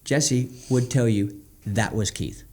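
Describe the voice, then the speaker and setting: A man's voice: mid-range voice, slow pace, a little mellow. Blunt, profane man ranting on a podcast. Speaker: podcast host and marriage coach. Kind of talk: candid podcast chat.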